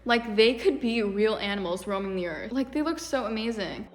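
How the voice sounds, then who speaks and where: A young woman vents through a casual critique vlog in an animated, exasperated way. Her voice sits a little high, and the room adds a long reverb. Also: moderate pace. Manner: animated, exasperated, many fillers. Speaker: YouTuber.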